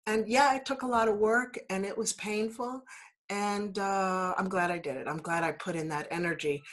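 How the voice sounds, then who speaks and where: A New Zealand woman in her fifties hosts a podcast, giving an upbeat, encouraging motivational talk packed with repeated affirmations. She sounds slightly congested, with a medium-pitched, steady voice at a moderate pace.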